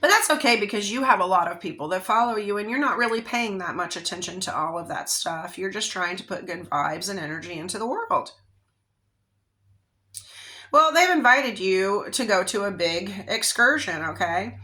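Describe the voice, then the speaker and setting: A woman reads tarot straight to the viewer in a bright, forward voice at an ordinary pitch. She rambles through a vision as if chatting, stretching out phrases and stopping to ask "okay?" along the way. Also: lively intonation. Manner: rambling, conversational, drawn-out phrases with frequent "okay?" and fillers. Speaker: tarot reader. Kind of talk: casual psychic reading monologue.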